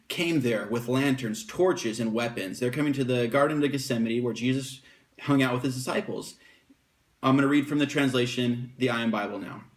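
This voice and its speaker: He teaches about a Bible passage in a laid-back, improvised way, filling gaps with fillers, and his mid-range voice slows down to read the verses out.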